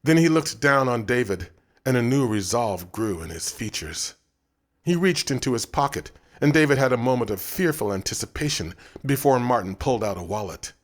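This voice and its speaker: A man narrating an audiobook in a measured, subdued way. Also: medium pitch, animated. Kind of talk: scripted narration.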